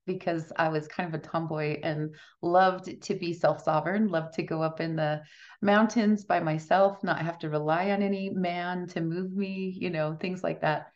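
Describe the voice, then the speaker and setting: Lower-voiced woman, chatty, on dull audio. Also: darkish tone. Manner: laughs often, chatty and self-amused. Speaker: author and guest. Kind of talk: casual interview storytelling.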